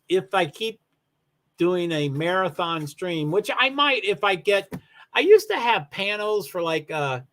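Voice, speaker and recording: A man's slightly high voice, worn out and yawning, talks alone to his livestream viewers from a desk mic. He rambles and breaks off his own sentences, padding them with fillers as he chats about the races. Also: fairly bright tone. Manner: rambling, self-interrupting with fillers. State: very tired, yawning. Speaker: live streamer. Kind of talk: casual solo livestream chat about racing.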